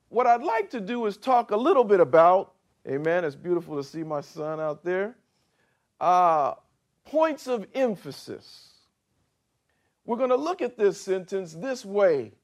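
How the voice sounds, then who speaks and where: A middle-aged male pastor preaching a sermon, slow and emphatic, swinging from quiet to loud for effect. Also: sits high, animated.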